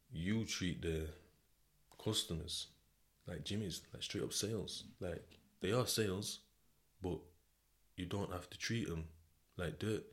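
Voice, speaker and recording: A young man, a podcast host telling a prison story in casual street slang with rhetorical asides. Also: low voice.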